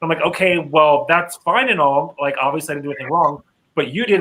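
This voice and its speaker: A man rants about a lost item on a casual podcast, his voice bright and a touch high. His talk is chatty, loose and full of fillers and swearing. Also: a little fast, poor audio. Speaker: podcast co-host. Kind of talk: casual chat, storytelling.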